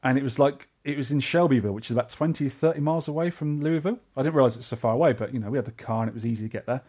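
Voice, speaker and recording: Quick chatty london guy on a podcast, telling stories, doing little voices for people he met. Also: medium pitch, husky. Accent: English, London. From England. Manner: animated, acts out quoted voices. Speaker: podcast co-host. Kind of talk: casual storytelling chat.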